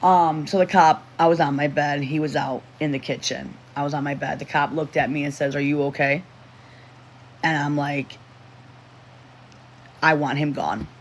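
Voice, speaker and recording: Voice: mid-range voice, steady tone, moderate pace, a little hiss or hum. A livestream host telling a personal story in casual chat, rambling with restarts and asides while reading the chat aloud. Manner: rambling, with self-interruptions and restarts.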